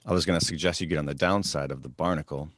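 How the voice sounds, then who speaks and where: A man in a casual chat, retelling a video game session in a laid-back, unhurried way, with many fillers. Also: very deep voice, fairly even intonation, a bit bright.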